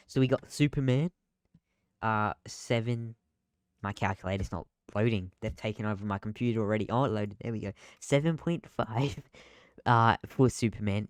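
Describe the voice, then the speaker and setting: A man's voice: fairly low pitch, normal speed, clear, resonant tone, no echo, studio quality. A young man co-hosting a casual podcast from his room, jumpy and joking as he reads out scores. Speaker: podcast co-host. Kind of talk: casual chat.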